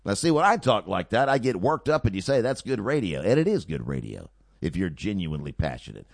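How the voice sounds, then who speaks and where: A man's voice: low-pitched, fairly quick, gravelly, dry recording. A male radio talk show host delivering an opinionated, sarcastic monologue on a studio mic. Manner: sarcastic, mocking, animated.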